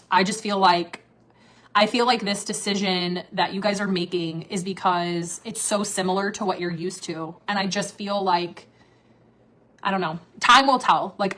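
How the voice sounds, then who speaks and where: A woman with a mid-range voice talks in a loose, unscripted rant. She swears constantly and lurches between shrill, loud bursts and quiet, mumbled asides. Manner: profane, animated, jumps between loud outbursts and low asides. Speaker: former MLM leader. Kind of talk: casual livestream rant.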